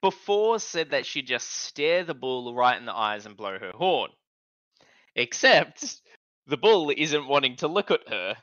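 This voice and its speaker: A man co-hosting a casual online podcast discussion, animated and prone to stammering restarts. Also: medium pitch, unhurried, no room sound, dull audio. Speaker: podcast co-host.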